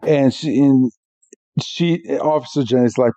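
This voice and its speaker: Animated man recapping a cartoon. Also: medium pitch, normal speed, no echo, dull audio. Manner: animated storyteller, acts out character lines. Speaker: podcast co-host recapping episodes. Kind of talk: casual chat recap.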